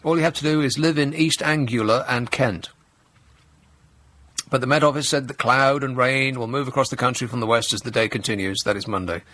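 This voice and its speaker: A man's voice: mid-range voice, brisk, pushed and bright, no echo. A man hosting a talk radio show in a studio, reading the news with sarcastic, mock-outraged asides. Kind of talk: comedic talk radio monologue. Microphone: studio microphone.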